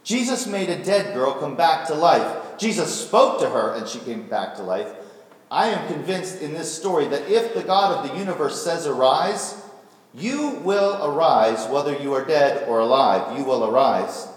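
A man's voice: a little high, very animated, moderate pace. A male pastor preaching a sermon, retelling a story vividly and asking rhetorical questions. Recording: echoey hall, voice from far off.

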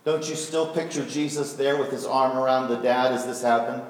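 A man's voice: medium pitch, steady tone, moderate pace. A male pastor preaching a sermon, retelling a story vividly and asking rhetorical questions. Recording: echoey hall, voice from far off.

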